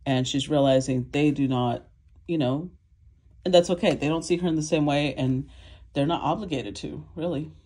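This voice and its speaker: Low husky woman reading tarot. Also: normal speed, warm tone. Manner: thinks aloud, calls out cards, clears throat. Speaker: tarot reader.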